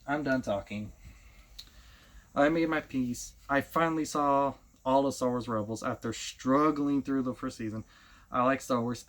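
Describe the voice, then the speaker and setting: Blunt rambling man ranting casually. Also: medium pitch. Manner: repetitive, restarts often, blunt. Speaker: show host giving opinions. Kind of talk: casual opinion rant.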